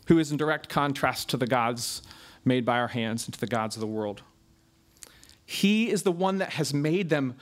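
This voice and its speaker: A man preaching an expository sermon, stressing key words with slow, drawn-out emphasis. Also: fairly high pitch.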